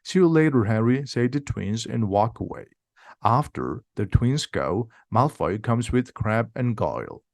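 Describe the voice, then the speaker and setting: A man reading a simplified storybook aloud in a steady, clear way. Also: lowish voice, measured pace, dry recording. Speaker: audiobook reader.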